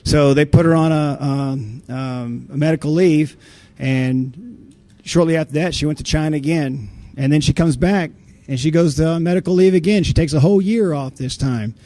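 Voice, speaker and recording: A man's voice: fairly high pitch, normal speed, dark tone. A man giving a conference talk, telling blunt, folksy stories with many restarts and fillers. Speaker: conference speaker on insider threats.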